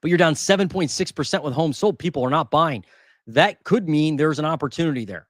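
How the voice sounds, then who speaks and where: A man's voice: a little high, lively intonation, fairly quick, dry recording, studio quality. A man hosting a housing market channel, talking casually as he reads through market figures, thinking aloud and repeating numbers. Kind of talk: casual live commentary on market data.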